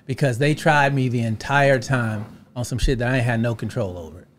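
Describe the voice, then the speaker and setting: A man, a comedian guest, telling a story in casual chat with profane, animated delivery and acted-out quotes. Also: medium pitch, a little fast, a little hiss or hum.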